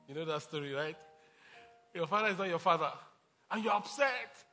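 A man's voice: on the high side, lively intonation, moderate pace, pauses often, sharp tone, soft background music. A man preaching a sermon as pastor, emphatic, calling out to the congregation and mixing in jokes.

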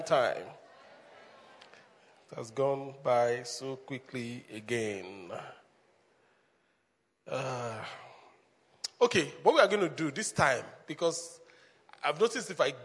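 A man preaching as a pastor, animated, laughing often and calling the congregation to answer back. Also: a little high. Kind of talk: sermon. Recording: long hall reverb.

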